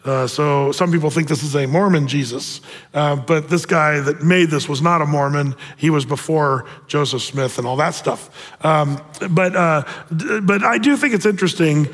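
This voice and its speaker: A man preaching a sermon, telling the story in an animated, playful way with voiced asides. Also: a little high, normal speed, big-room sound. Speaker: pastor.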